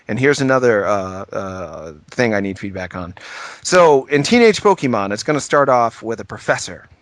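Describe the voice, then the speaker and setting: A man co-hosting a casual comedic podcast from home, self-deprecating and pitching silly show ideas. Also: fairly bright tone, no echo. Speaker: podcast co-host.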